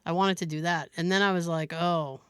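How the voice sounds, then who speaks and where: A woman co-hosting a podcast, telling a story in a casual, animated way and laughing often. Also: lowish voice, brisk, clear, resonant tone, no echo, studio quality. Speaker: podcast co-host.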